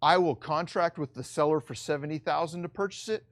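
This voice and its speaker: A middle-aged man teaching a recorded real estate lesson, explaining step by step and slowing down to stress key points. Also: on the high side.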